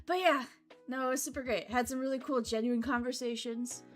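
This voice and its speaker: Young woman streamer telling a story, high voice, laughs and swears a lot, faint music behind. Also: fairly quick. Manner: animated, laughs often, swears casually. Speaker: VTuber streamer. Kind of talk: casual storytelling chat.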